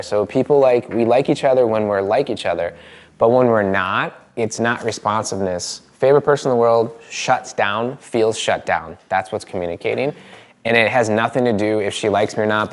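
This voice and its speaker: Animated male seminar trainer. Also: on the low side, normal speed. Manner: animated, demonstrative, acts out examples. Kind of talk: live seminar teaching. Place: seminar room with an audience.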